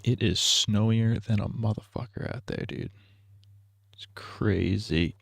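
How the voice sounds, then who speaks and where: A man's voice: fairly low pitch, completely flat delivery, normal speed, gravelly, fairly bright tone, husky, no echo. A young man rambling crude jokes on a casual gaming livestream. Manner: crude, rambling, giggly banter.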